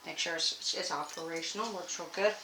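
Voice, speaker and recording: A woman's voice: on the low side, a little fast, sharp tone. A woman, hosting a casual sewing vlog from her sewing room, folksy and rambling with frequent laughs. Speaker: sewing channel host. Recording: echoey room, faint noise.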